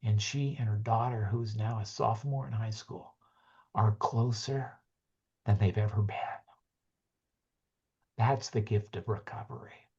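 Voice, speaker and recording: Earnest man, soft husky low voice. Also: steady tone, measured pace, long pauses, dull audio. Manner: earnest, gentle storytelling with soft hushed passages. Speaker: webinar presenter. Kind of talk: heartfelt closing talk with a story.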